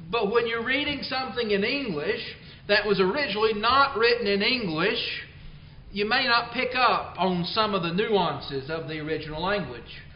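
Preacher guy, kinda high voice, folksy, echoey church sound. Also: slight background noise. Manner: folksy storytelling, slow deliberate scripture reading. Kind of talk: sermon. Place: church auditorium. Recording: roomy, slightly dull church radio broadcast.

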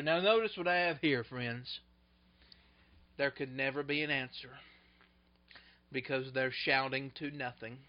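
A male preacher giving a sermon, retelling scripture in an animated way that swings between loud bursts and hushed asides. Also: a little high. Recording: dull lo-fi recording.

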